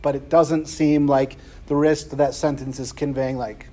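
A man's voice: mid-range voice, level tone, moderate pace, mellow. A man preaching a casual Bible class, conversational and full of "right?" and slangy asides. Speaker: preacher teaching a scripture class.

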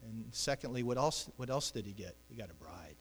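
A man preaching a sermon in an animated way, now and then acting out voices. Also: fairly low pitch, brisk, a little hiss or hum. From United States. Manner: animated, acts out voices, chuckles. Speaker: pastor. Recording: long hall reverb.

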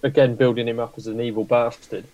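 A man's voice: medium pitch, flat delivery, quick pace, warm tone, no echo, muffled recording. Blunt man reviewing films. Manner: emphatic and blunt, swears freely. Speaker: podcast co-host. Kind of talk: casual film review chat.

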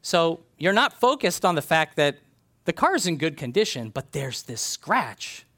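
Guy preaching, kinda high-ish voice, earnest and chatty, reads the bible out then explains. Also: very animated, moderate pace, a bit bright. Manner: conversational and earnest, reads scripture aloud. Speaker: pastor. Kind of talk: sermon.

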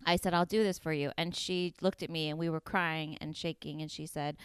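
Woman in her 30s telling her story to an interviewer, super smooth clear voice, kinda low, dry sound, lots of ums. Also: fairly even intonation, fairly quick, no room sound. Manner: earnest, emotional storytelling with many fillers and quoted dialogue. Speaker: interview guest.

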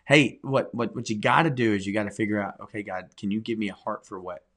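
An earnest pastor talks in a relaxed church podcast, his voice sitting a little low. He leans on key words and repeats them for emphasis, steady and sincere. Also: quick pace. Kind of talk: conversational church podcast talk.

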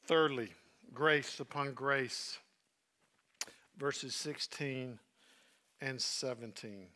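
A male preacher giving a sermon, telling a personal story in an earnest way and dropping soft at tender moments. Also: mid-range voice, extremely slow. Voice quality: earnest, drops soft when emotional.

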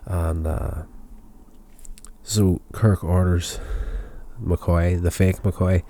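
A man's voice: deep voice, steady tone, drawn-out words, warm tone, slight background noise. A tired man casually recapping a television episode, rambling with many fillers and restarts. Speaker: show recapper.

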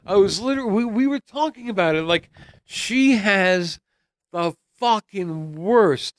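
A man with a fairly high voice talks slowly and emphatically on a comedy podcast. He sounds incredulous and swears for emphasis. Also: expressive. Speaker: podcast co-host. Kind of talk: casual comedic movie-review podcast chat.

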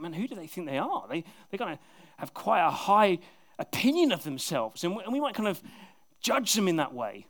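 A man preaching a sermon in a conversational, lively way and reading scripture aloud. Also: high-pitched.

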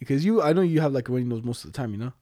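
A man in casual, profane chat, telling fast stories and acting out the people in them. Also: mid-range voice, lively intonation, dark tone, dry recording, clean studio sound. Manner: fast, profane storytelling, mimics people he quotes.

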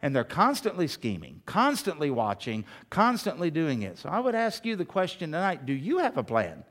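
Male pastor, sermon delivery, emphatic with rhetorical questions, slightly high-pitched. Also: wildly swooping pitch, normal speed, fairly bright tone.

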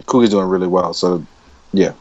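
A man's voice: low-pitched, fairly even intonation, moderate pace, muffled recording, slight background noise. A man in a casual group chat about collectible figures, teasing and knowledgeable.

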